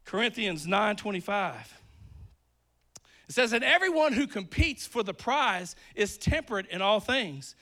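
A man preaching a sermon with lots of energy, swinging between loud emphasis and quiet asides, a bit out of breath. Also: high-pitched, big pitch swings, measured pace.

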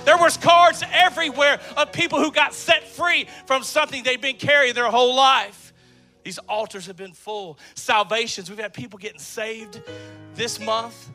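High, bright-voiced pastor preaching. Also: male voice, normal speed, soft background music. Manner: energetic, frequently shouting to the congregation. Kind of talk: sermon. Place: church sanctuary with live congregation.

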